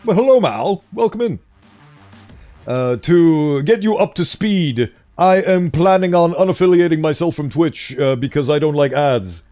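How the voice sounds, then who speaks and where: A man's voice: fairly high pitch, lively intonation, a little slow, dark tone, faint music behind. A man streaming live, chatting playfully with viewers and laughing as he reads stories. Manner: playful, laughs often, greets chat. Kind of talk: casual live-stream chat.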